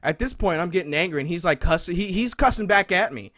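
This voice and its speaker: A man's voice: high voice, lively intonation, fast, fairly bright tone, dry recording, clean studio sound. A young man hosting a podcast, telling a long story in a rambling, profane way with many fillers, getting heated as he goes. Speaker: podcast host. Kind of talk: casual storytelling chat.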